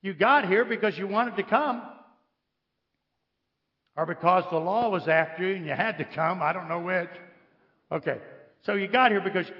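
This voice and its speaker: A man's voice: sits high, normal speed, pauses often, lo-fi sound. A man preaching a sermon, telling stories with humor and asking the congregation questions. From United States. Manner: animated storytelling, jokes and questions to the congregation. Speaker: visiting preacher.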